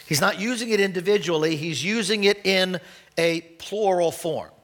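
A pastor with a high-pitched voice gives a loose, conversational sermon at a moderate pace, his tone a bit bright. He stumbles over restarts, occasionally clears his throat, and his voice climbs whenever he reads scripture aloud.

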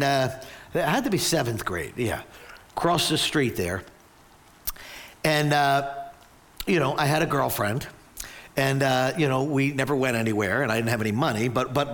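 A man in his sixties preaching a sermon. He tells stories with lively energy, often restarting his sentences and asking rhetorical questions. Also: on the high side, gravelly. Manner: animated storytelling with repeated restarts and rhetorical questions. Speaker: pastor.

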